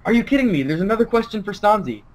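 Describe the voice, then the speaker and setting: A man's voice: high-pitched, animated, racing, low-quality recording. A man co-hosting a livestream, reading out viewer questions, teasing and laughing often. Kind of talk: casual livestream chat.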